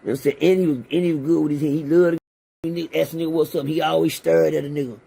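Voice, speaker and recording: A man with a high, gravelly voice and a husky edge spins blunt, profane prison stories in casual chat. He talks in a streetwise way and acts out the other men's lines as he goes. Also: level tone, rapid-fire, dark tone. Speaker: former inmate telling prison stories.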